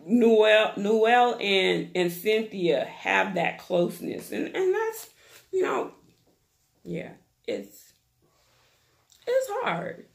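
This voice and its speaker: Woman vlogger for a TV recap, gossipy and slangy, unhurried delivery with a gravelly fry. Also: mid-range voice, very animated. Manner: chatty, gossipy, slangy storytelling. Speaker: YouTube TV recap host. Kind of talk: casual reality-TV recap chat.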